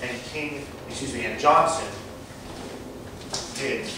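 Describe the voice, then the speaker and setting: A man's voice: medium pitch, slow, noisy background. A man giving an unscripted history lecture as a teacher, with many fillers and restarts. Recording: echoey room, far from mic.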